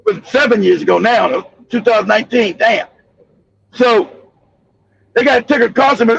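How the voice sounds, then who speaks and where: A male live stream host giving heated, profane political commentary, ranting and often shouting. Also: high voice, moderate pace, creaky, long pauses, muffled recording, a little hiss or hum.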